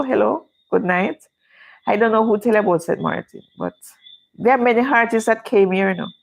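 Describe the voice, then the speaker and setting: A middle-aged Jamaican woman hosts her own livestream, chatting casually with viewers in Jamaican English with a Jamaican accent. Her voice is medium-pitched with a darkish tone, and the recording is rough.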